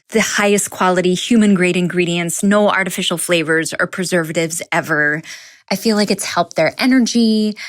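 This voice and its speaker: A woman podcast host reading an ad in a warm, personal endorsement style. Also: fairly low pitch. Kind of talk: host-read ad.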